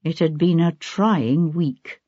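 Audiobook narrator, measured storytelling, husky voice, dull lo-fi recording. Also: mid-range voice, dark tone, no room sound. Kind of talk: scripted narration.

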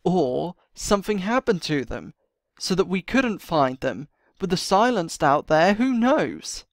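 A man's voice: high-pitched, very animated, unhurried, no echo, studio quality, voice pushed up, heavily acted. A man voicing a grieving, distraught mother in a game role-play, with tearful, despairing protests.

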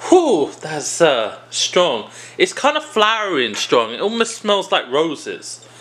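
A man's voice: fairly high pitch, huge pitch swings, slow pace, a bit bright. A man hosting a casual product-review video, joking and rambling as he interrupts himself. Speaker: video host reviewing a perfume.

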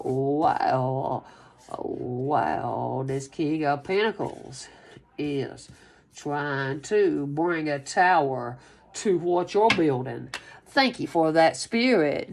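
A woman doing a casual tarot reading, rambling and excitable, repeating phrases and swearing freely. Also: lowish voice, a little hiss or hum. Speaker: tarot reader.

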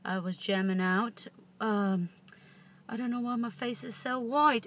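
Filming herself close up on a handheld camera inside a parked car, a woman in her twenties chats casually in a fake British accent, playful, rambling and self-amused. She takes it slowly in a fairly bright mid-range voice.

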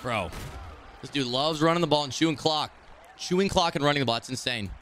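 Brash male streamer, slightly high, bright voice; excitable live game commentary with trash talk. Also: a little fast, a little hiss or hum.

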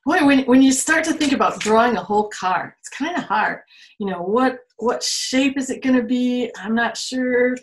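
A woman with a voice on the high side reads a picture book aloud to children, then leads a drawing exercise, animated and quick to laugh and exclaim over the pictures. She's a children's museum storytime reader and art teacher, captured in an echoey room by a phone or tablet camera.

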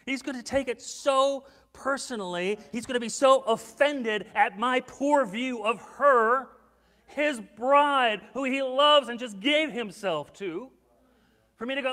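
A man preaching a sermon as pastor, telling stories with acted-out quotes and swinging between hushed and loud. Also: very high-pitched, unhurried, long reverb tail. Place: church sanctuary.

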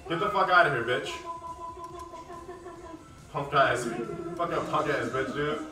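A man's voice: medium pitch, animated, a little slow, pauses often. A man live-streaming a game, mocking another player with crude, profane trash talk. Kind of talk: casual live-stream commentary. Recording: roomy echo, distant mic, faint music.

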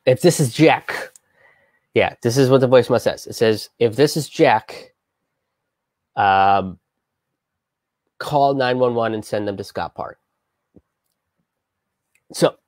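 A man tells a personal story on a live stream in a halting, casual way, with many restarts and blunt swearing. His pitch sits in an ordinary middle range. The sound is dry and close, with no room echo. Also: a little mellow.

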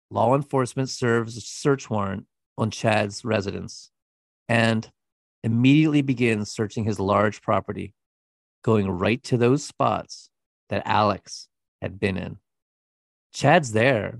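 A man's voice: medium pitch, gravelly, no echo, clean studio sound. A man co-hosting a podcast, telling a true-crime story in a blunt, profane, scornful way. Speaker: podcast co-host.

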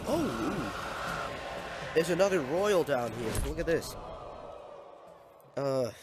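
A man's voice: on the high side, lively intonation, takes it slowly, music in the background. A young man giving casual, playful gameplay commentary, exclaiming at and scolding the little villagers in his game.

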